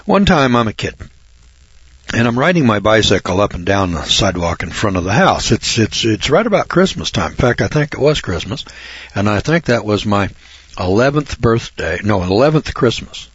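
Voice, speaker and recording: A man's voice: lowish voice, big pitch swings, normal speed, slightly rough, no echo. An older man from Northern California, a reporter, telling a folksy personal story and repeating words for emphasis. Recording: dull lo-fi recording.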